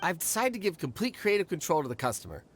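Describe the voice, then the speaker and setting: An eager, high-voiced stall owner. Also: male voice, big pitch swings, quick pace, a bit bright, slight background noise. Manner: enthusiastic, rambling. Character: eager, talkative young male stall owner.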